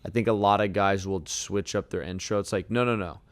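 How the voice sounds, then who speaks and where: A man hosting a casual sales coaching talk, relaxed and encouraging, laying out his advice point by point. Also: lowish voice, fairly quick, no room sound. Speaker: sales trainer and host.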